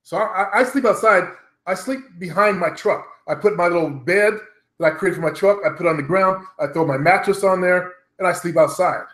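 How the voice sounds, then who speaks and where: A man's voice: sits high, fairly quick, fairly bright tone. A middle-aged man vlogging at home, talking bluntly and profanely straight to his viewers in a loose, rambling monologue. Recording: roomy echo.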